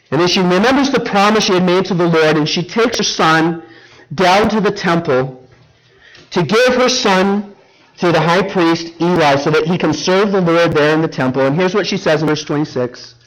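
High-voiced man preaching, checking in often. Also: normal speed, low-quality recording. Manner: engaging, repeatedly checks in with the congregation; teacherly, walks through Bible verses word by word. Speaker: pastor. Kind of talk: sermon.

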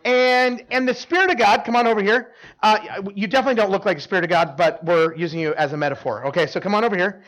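A man preaching a sermon and bringing volunteers up for a demonstration, animated, repeating words and restarting lines, with quick asides to the crowd. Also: high voice, low-quality recording.

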